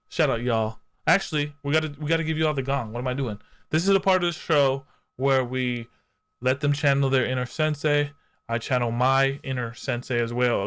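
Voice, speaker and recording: A man hosting a casual livestream podcast, bantering in hyped slang and shouting out the chat. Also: mid-range voice, clear, resonant tone. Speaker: podcast host.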